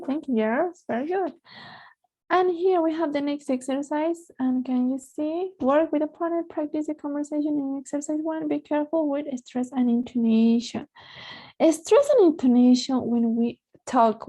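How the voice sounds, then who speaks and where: High-voiced teacher with a gravelly edge. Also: female voice, mellow. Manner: switches between English and Spanish, coaxing students with frequent "right?". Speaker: English teacher. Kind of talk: online class teaching.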